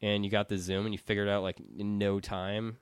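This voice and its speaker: A man's voice: on the low side, flat delivery, fairly quick, clean tone, no echo. A young man chatting casually on a podcast, rambling earnestly with lots of fillers, close on the mic. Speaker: podcast network founder.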